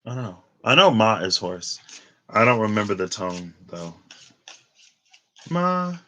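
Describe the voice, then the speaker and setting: A man's voice: on the low side, moderate pace, sharp tone, poor audio. A man in his twenties giving a casual tarot reading, chatty and rambling off into tangents. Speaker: tarot reader.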